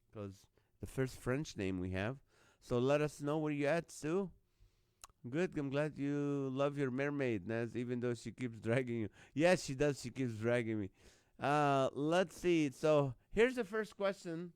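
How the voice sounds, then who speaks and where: Hosting a live online comedy show, this man reads out viewer jokes, greets viewers by name, and laughs often at the lines. His medium-pitched voice is a little slow and clean-toned, with no room sound.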